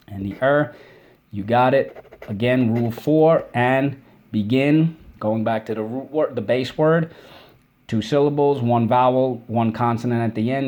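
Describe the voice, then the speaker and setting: Male teacher, mid pitch, encouraging and upbeat, recorded spelling lesson for kids, stretches out syllables in drills. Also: darkish tone, slight background noise.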